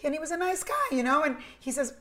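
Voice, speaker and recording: A middle-aged woman with a New York accent, from Cuba, speaking in a high, bright register. She tells her story as an interview guest with animated, emphatic energy. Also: fast. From Cuba, raised in New Jersey. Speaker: interview guest, media executive. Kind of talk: casual conversational interview.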